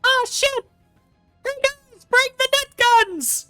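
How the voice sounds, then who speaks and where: Squeaky panicky rabbit-headed monster, way up high, yelping, bright edge, for a game. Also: male voice, slow, soft background music, exaggerated voice. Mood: alarmed. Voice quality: squeaky, shrill. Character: frantic male rabbit-headed creature.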